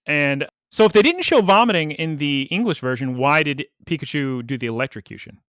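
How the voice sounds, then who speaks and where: A man co-hosting a laid-back podcast, his voice sitting a little high for a man. He recaps a cartoon episode with animated energy, dropping into quick quoted voices and laughing along the way. The recording is close and dry, with no room sound. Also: clean tone, no room sound. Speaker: podcast co-host.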